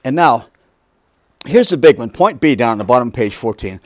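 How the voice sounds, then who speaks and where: A man's voice: mid-range voice, lively intonation, brisk, no echo, studio quality. A man preaching a Bible lesson, emphatic, asking rhetorical questions and making joking asides. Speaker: pastor teaching a Bible study. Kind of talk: sermon.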